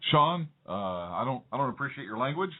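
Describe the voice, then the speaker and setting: A man's voice: medium pitch, very animated, a little fast. A man co-hosting a radio talk show, teasing and rambling through political banter. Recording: phone-like narrow audio.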